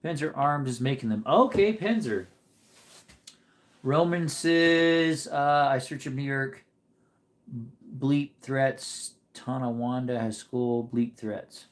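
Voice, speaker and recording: A man's voice: mid-range voice, slow pace. Male streamer, casual and chatty, reading chat from home; reverberant room sound. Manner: laid-back, chatty, answers viewer comments. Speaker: livestream host reading chat. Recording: echoey room.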